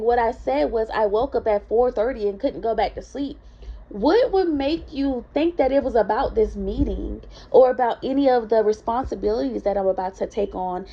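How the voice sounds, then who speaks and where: A woman's voice: on the high side, normal speed, vocal fry, dark tone. A woman telling a story from her own life in a casual vlog, chatty and candid, talking straight to her viewers. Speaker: vlogger. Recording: dull lo-fi recording.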